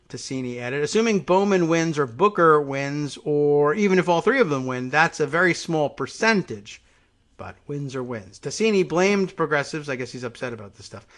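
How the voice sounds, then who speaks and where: A man's voice: a little high, a bit bright. A middle-aged male podcast host reading a news article aloud and breaking off into dry muttered asides. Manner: drops to dry muttered asides between read passages.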